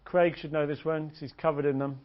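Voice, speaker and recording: A man teaching a dating seminar in an animated, joking way, swearing and laughing often. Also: fairly high pitch, brisk. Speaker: dating coach. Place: seminar room. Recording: dull lo-fi recording.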